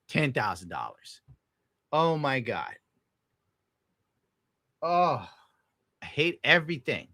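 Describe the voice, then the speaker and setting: A man's voice: mid-range voice, sharp tone, dry recording, clean studio sound. A young adult man streaming, giving a bitter, crude, swear-heavy rant while reacting to clips. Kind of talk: casual ranting commentary.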